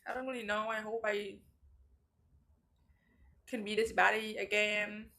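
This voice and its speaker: A woman's voice: mid-range voice, little pitch movement, measured pace, creaky, bright, forceful tone. A young woman about to start university, rambling in a late-night confessional vlog with lots of fillers and a tired, sleepy tone. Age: young adult. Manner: rambling, filler-heavy talk with many likes. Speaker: vlogger.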